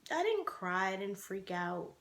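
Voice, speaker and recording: A woman's voice: medium pitch, very animated, unhurried, creaky, fairly bright tone. A woman in her twenties telling her own life story to the camera, speaking candidly with many fillers and restarts. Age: 20s.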